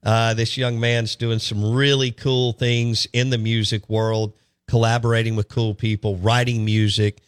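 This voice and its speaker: A man's voice: fairly low pitch, little pitch movement, measured pace, smooth, no room sound. A man hosting a radio show, chatting with a guest and closing with promo-style plugs. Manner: friendly, promo-style wrap-ups. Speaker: radio sports show host. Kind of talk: casual radio interview.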